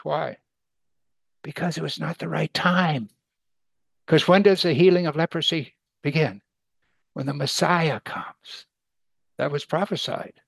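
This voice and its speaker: A Bible teacher preaches a conversational sermon, asking rhetorical questions and acting out quoted speakers with sudden loud, excited bursts. His voice is a little high and gravelly, and the recording is dry.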